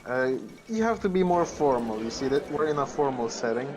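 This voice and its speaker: A man acting as a stuffy government official in a game role-play, stumbling over fillers while demanding proper manners. His voice sits at an ordinary middle pitch. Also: lively intonation, brisk, music in the background, close to an everyday voice. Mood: stern formal. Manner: hesitant, many fillers, insists on formality. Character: stiff, formal male government official.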